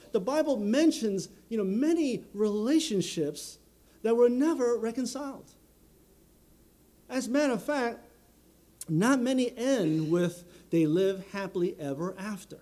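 A man delivers a sermon in an earnest, measured way. His voice sits high for a man yet sounds mellow and warm. He often leans on "you know" while working through his points. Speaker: preacher.

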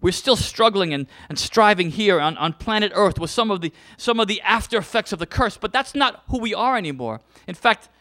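A man's voice: high-pitched, expressive, brisk, hardly any pauses, sharp tone. A middle-aged man preaching a passionate sermon, full of restarts and repetitions. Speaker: pastor.

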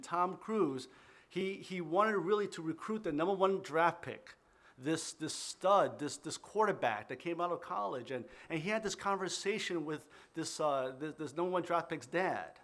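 A pastor preaches to his congregation and leads them in prayer. His voice sits fairly high for a man, and his delivery is fervent, with repeated words and restarted phrases as he builds his point. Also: a bit bright. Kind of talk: sermon with opening prayer. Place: church in New York City.

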